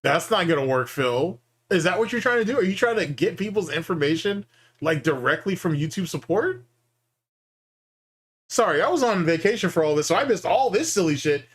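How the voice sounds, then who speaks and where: A man's voice: high voice, animated, fairly quick, husky. A man hosting a reaction stream, sarcastic and incredulous as he picks apart a clip. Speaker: commentary host. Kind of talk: mocking reaction commentary.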